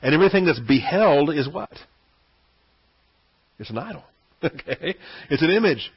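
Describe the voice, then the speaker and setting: A man's voice: on the high side, animated, normal speed, breathy edge. A man teaching a verse-by-verse Bible study in a conversational way, often repeating words and checking in with "okay?". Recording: dull lo-fi recording.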